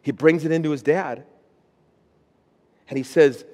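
A man's voice: a little high, a little slow, dark tone, big-room sound. A man, a pastor, preaching a sermon, reading scripture with rising intensity and then speaking plainly to the congregation. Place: church auditorium.

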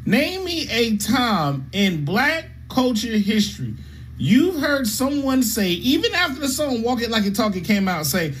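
A woman's voice: a little high, very animated, measured pace, a little hiss or hum. A woman giving a blunt, profane and mocking reaction rant. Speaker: commentator. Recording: music playing underneath.

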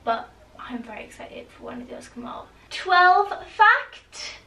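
A woman's voice: high voice, a bit bright, a little hiss or hum. A teenage woman, vlogging in a rambling, chatty way, full of "like" and "honestly". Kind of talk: casual talk to camera. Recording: echoey room, mic at a distance.

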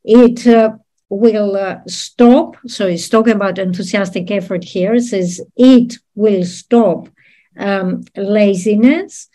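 A woman giving a Buddhist teaching, explaining a text in a measured way with frequent ums and uhs. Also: mid-range voice, warm tone. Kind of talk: dharma teaching talk.

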